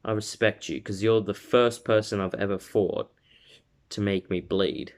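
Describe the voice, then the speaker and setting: A man voicing a calm, determined young male hero who speaks quietly and earnestly. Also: lowish voice, unhurried, natural voice.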